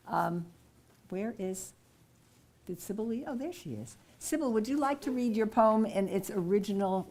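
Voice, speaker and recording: A woman with a low, gravelly voice hosts a local poetry event. She thanks the readers and introduces the next one in a loose, informal way. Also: a little mellow. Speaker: event host. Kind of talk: event hosting.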